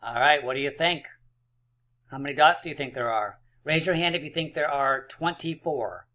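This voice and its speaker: A man's voice: a little high, normal speed, pushed and bright. A male teacher leading a counting lesson for young children, encouraging and playful as he counts dots aloud.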